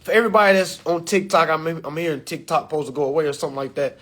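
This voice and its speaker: Brief: male creator, husky voice sitting a bit high, casual slangy talk to a phone camera. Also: rapid-fire. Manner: loose slangy delivery, swings from loud and animated to low and quiet. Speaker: social media creator. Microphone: phone or camera mic.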